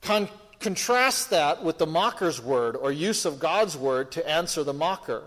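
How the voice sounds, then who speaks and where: A man preaching a sermon with a somewhat high voice. He talks in a chatty way, leans hard on key words and throws out rhetorical questions. The sound rings with the long reverb of a big hall. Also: lively intonation, measured pace, fairly bright tone. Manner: conversational, emphatic, rhetorical questions, frequent restarts.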